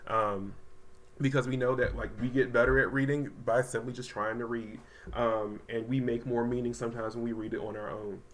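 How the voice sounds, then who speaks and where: A man teaching a third grade reading lesson to children at home, talking casually with many ums and slowly sounding out words. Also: mid-range voice, fairly even intonation, fairly bright tone. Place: home, voice only over the packet pages. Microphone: close mic, not seen.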